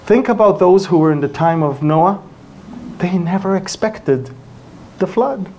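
A preacher giving a lively sermon to a church audience, acting out scenes and dropping from loud exclamations to hushed asides. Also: mid-range voice, unhurried, a little hiss or hum. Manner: animated, acts out dialogue with exaggerated voices.

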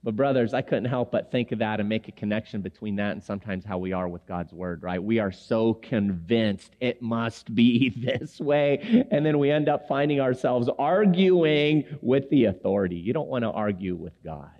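A man's voice: mid-range voice, normal speed. A man in his forties, born in Lebanon, preaching to men in a chatty, humorous storytelling way and acting out the people in his stories. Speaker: preacher at a men's gathering. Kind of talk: storytelling sermon. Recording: echoey hall, dull lo-fi sound.

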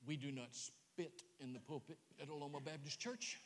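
A man's voice: fairly high pitch, steady tone, normal speed, big-room sound, a little hiss or hum, voice pushed down, lightly acted. A man voicing a prim, indignant church lady who scolds in a huffy, self-righteous way.

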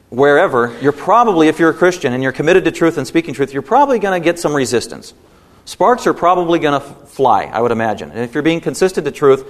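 A man preaching a sermon as pastor, emphatic and fond of rhetorical tag questions, in a church sanctuary. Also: on the high side. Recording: long hall reverb in a church.

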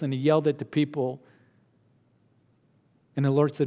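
A man's voice: on the high side, steady tone, normal speed, pauses often. Earnest male pastor preaching in a reverberant hall. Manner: earnest, swings between hushed and emphatic. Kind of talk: sermon.

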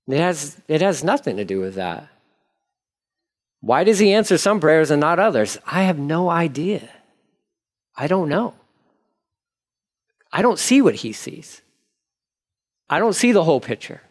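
A man preaching with a slightly higher voice than most men. His delivery is candid and conversational, and he speaks prayers aloud as if talking them through. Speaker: pastor. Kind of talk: sermon.

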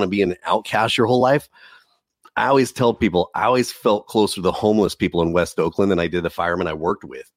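A man's voice: lowish voice, no echo, studio quality. A man giving an earnest, emotional faith testimony as a podcast guest, often saying "dude". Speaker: preacher.

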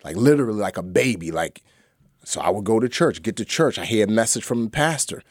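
Low-voiced man telling his testimony. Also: lively intonation, brisk, no room sound, clean studio sound. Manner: earnest storytelling, voice drops low and soft at emotional moments. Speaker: guest. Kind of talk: personal testimony in a podcast interview.

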